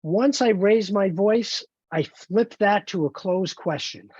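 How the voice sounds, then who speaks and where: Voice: medium pitch, slow, darkish tone, husky, no room sound. Encouraging trainer on a dull video call. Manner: encouraging, explains step by step. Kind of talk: online training webinar.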